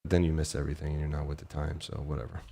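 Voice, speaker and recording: Excitable, foul-mouthed man hosting. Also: extremely low pitch, very fast, vocal fry. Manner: swears a lot, excitable storytelling. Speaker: host. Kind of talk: casual chat.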